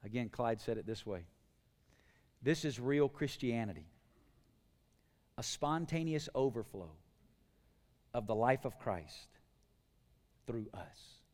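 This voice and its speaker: A man preaching a sermon as pastor, emphatic, moving between hushed passages and loud, repeated lists. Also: medium pitch, lively intonation, takes it slowly, long pauses, in a large hall.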